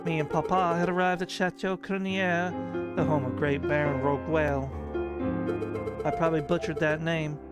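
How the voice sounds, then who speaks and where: A man voicing a naive young noble bird lady in a put-on French accent, talking in a high, girlish way. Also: level tone, moderate pace, over loud music, natural voice. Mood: naive, chatty.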